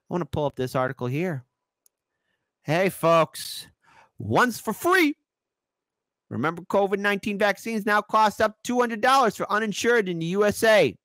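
A man hosting a ranting political commentary show, sarcastic and animated, with mocking asides. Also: high-pitched, moderate pace, dry recording.

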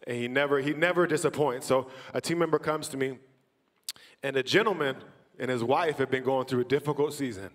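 A man from the church team telling a story from the stage, acting out the quotes and rising to shouted praise. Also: medium pitch, brisk. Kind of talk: testimony preached from the stage. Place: large church auditorium. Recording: long hall reverb.

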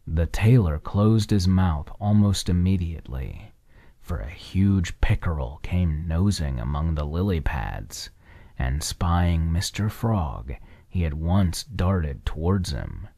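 Low, husky whispering man, bedtime story. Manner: soft whisper, gentle and unhurried. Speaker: ASMR storyteller. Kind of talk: whispered role-play bedtime story reading.

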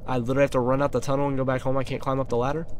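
An excitable young man commentating a horror game, swearing freely and calling out to his viewers. His voice sits at an ordinary middle pitch. A faint hum runs underneath the recording. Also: racing. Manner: excitable, profane, talks to viewers as "y'all". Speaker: gaming YouTuber. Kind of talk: horror let's play commentary.

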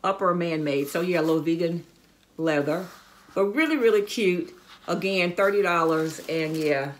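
Talking at a moderate pace in a lowish voice, a middle-aged woman fashion vlogger eagerly chats through her shopping haul. She addresses her viewers as y'all and guys in this casual haul video.

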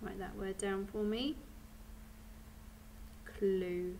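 British woman, primary teacher, phonics lesson for small children, slow and patient, mid-pitched voice, faint hiss behind. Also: flat delivery, gravelly, mellow. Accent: British English. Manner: slow, patient, sounding out words letter by letter.

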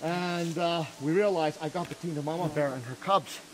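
A young man from northern Canada telling a story in a casual, animated way, re-enacting his own shouts. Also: fairly high pitch, normal speed, noisy background. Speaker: storyteller giving a tour. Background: music playing under the voice.

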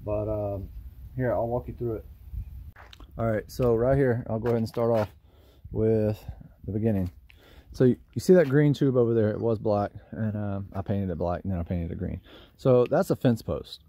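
Outdoors by his trailer, a lawn care business owner with a Southern US accent shows a DIY project in a casual how-to vlog, rambling folksily and poking fun at himself. His lowish, dark-toned voice moves at normal speed, captured on a camera mic.

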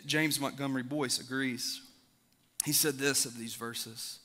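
A man preaching a sermon as pastor, swinging from loud emphatic highs to quiet low drops. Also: steady tone, unhurried, long reverb tail. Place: large church sanctuary.

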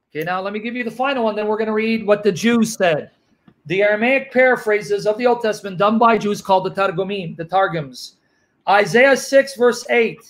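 Man, high-pitched, host, emphatic, repetitive, teaching scripture. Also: fairly quick. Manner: emphatic, repeats points for the audience. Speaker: livestream host. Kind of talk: teaching Bible study talk.

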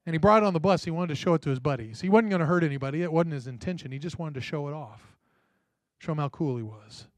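A man's voice: a little high, quick pace, no echo. A man, a pastor, giving a sermon in a conversational storytelling way and often checking in with the congregation. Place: church.

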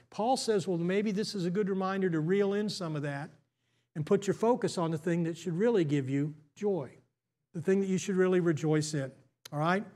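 A man's voice: high voice, darkish tone. An American man, a pastor, preaching a sermon in a conversational way, full of restarts and stammers.

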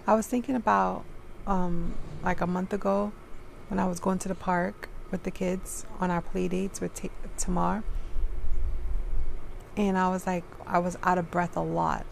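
Tired young woman vlogging, kinda low and gravelly, out of breath, lots of likes, music in the back. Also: level tone, moderate pace, slight background noise. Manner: soft, tired, filler-heavy talk. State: drained and out of breath. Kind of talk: casual vlog chat. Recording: music playing behind.

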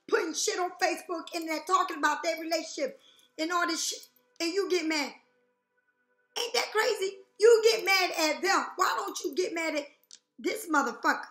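Woman tarot reader, brassy and high, profane and direct, echoey room with faint music underneath. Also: normal speed, fairly bright tone. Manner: blunt, profane, rhetorical questions. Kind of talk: intuitive reading to viewers.

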